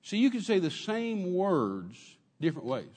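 Animated preaching man, echoing church. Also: high-pitched, moderate pace. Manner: animated preaching, acts out quotes, drops to a soft murmur. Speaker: pastor. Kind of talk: sermon.

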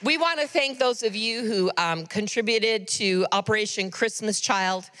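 Middle-aged woman, church announcer, earnest and chatty with asides, mid-pitched, reverberant hall sound. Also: moderate pace, fairly bright tone. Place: church sanctuary.

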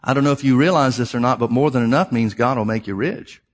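A man's voice: medium pitch, fast. A man preaching a sermon, reading scripture aloud and explaining it, emphatic and repeating key phrases for his listeners.

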